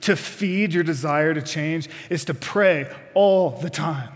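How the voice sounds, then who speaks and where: A man's voice: on the high side, takes it slowly, long reverb tail. A man preaching a sermon, putting direct questions to the congregation with folksy asides.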